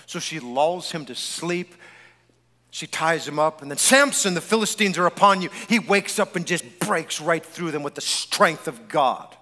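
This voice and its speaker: A male pastor preaching a sermon to his congregation, animated and joking, talking straight to the people in the room. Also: fairly high pitch, measured pace. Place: church sanctuary. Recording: long church-hall reverb.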